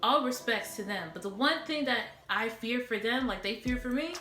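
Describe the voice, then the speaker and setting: A woman vlogger speaks bluntly and passionately straight to her viewers, her fairly high voice ringing in an echoey room. Music plays clearly underneath her. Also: moderate pace, bright, forceful tone. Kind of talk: impassioned direct-to-camera rant.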